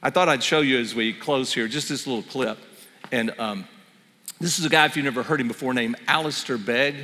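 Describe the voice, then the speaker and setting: A man preaching an earnest sermon as pastor, slowing down on key phrases and repeating them for emphasis. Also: mid-range voice, sharp tone. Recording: reverberant church hall.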